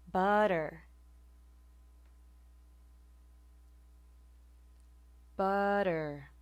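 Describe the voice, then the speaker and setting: A woman teaching a phonetics class, repeating example words slowly and carefully. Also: lowish voice. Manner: careful, deliberate word repetition. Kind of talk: slow online pronunciation lesson.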